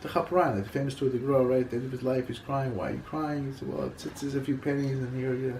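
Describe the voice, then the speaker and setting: Halting man teaching a Torah class. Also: mid-range voice, steady tone, a little mellow, roomy sound, a little hiss or hum, rough recording. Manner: halting, repeats and restarts phrases.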